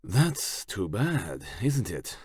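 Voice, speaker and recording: A man voicing a menacing, slick Italian crime boss in an audiobook, with a put-on Italian accent and a slow, smug, suggestive delivery. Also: on the low side, big pitch swings, a little mellow, husky, no room sound, clean studio sound, voice pushed up, full character voice. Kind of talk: audiobook character voice.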